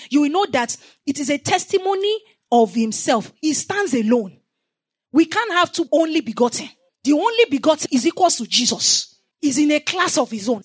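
A woman with a high-pitched voice preaches a sermon, teaching emphatically through repetition and call-and-response. She leaves lines of scripture hanging for her listeners to finish.

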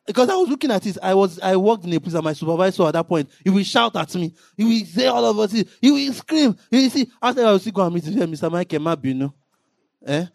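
A man preaching a sermon in an impassioned way, now and then rising into shouted emphasis. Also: high-pitched, animated, racing, gravelly, few pauses, no echo, studio quality.

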